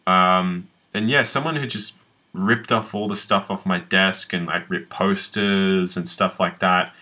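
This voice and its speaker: A man's voice: low voice, steady tone, measured pace, bright, forceful tone, heavily acted, rough recording. An actor playing a young man on a date, telling a rambling, profane story about his wrecked room. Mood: rueful. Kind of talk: conversational web-series acting.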